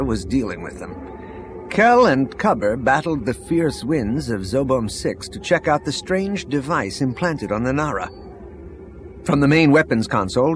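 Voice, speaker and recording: A man's voice: mid-range voice, noisy background. A man narrating an action novel as an audiobook reader, reading expressively and voicing the characters' dialogue. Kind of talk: scripted narration.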